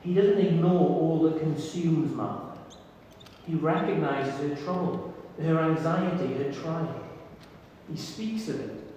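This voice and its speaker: A man preaches a sermon in an earnest, intimate way, with soft pauses. His voice sits fairly high and sounds mellow. He is picked up from a distance, with a long hall reverb and faint noise behind him. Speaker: pastor. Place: church hall.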